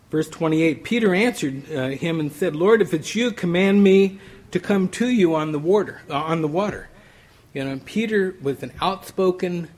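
Husky-voiced man preaching conversationally. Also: a little high. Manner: conversational, many restarts and "you know". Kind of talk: sermon.

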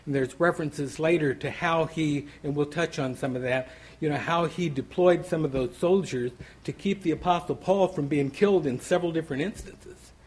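A man works verse by verse through a Bible passage, teaching in a loose, conversational way full of "you know" asides, restarts, and repeated words as he thinks aloud. His slightly high voice is a little mellow and slightly rough at normal speed, and the audio quality is poor.

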